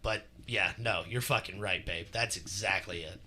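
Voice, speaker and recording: A man's voice: low-pitched, moderate pace, bright, forceful tone, slight background noise. A man co-hosting a podcast, ranting bluntly and swearing freely in casual chat. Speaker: podcast co-host.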